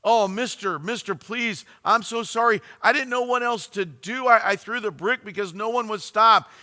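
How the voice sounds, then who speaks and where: A man's voice: sits high, normal speed, pushed and bright, big-room sound, pitched above the performer's own voice. Man putting on a sobbing little boy. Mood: pleading.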